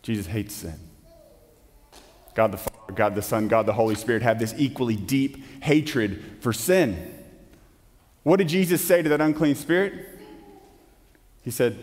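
A man preaching a sermon as pastor in a church, emphatic, asking rhetorical questions and dropping suddenly to a hush. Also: medium pitch, lively intonation, moderate pace, long pauses. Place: church sanctuary. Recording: long hall reverb.

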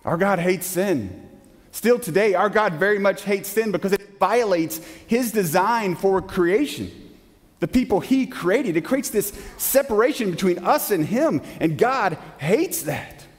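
Emphatic preacher in a reverberant church. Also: male voice, high voice, expressive, unhurried. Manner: emphatic, with rhetorical questions and sudden drops to a hush. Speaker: pastor. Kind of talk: sermon. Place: church sanctuary. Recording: long hall reverb.

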